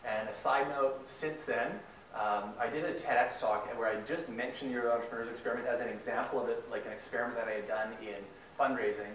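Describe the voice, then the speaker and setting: Here the young man from Canada sounds medium-pitched, steady and fairly quick, with a fairly bright tone, as he delivers a lively guest talk in a big hall and acts out quotes within his story. There's a little hiss or hum, plus hall echo, a far-off mic and faint ambience.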